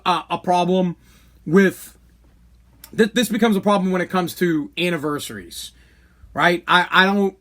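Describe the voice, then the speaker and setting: A man's voice: high voice, bright, forceful tone. A man in his thirties hosting a podcast, ranting bluntly in a brash, rambling comedic way. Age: 30s. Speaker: podcast host. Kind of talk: casual comedic rant.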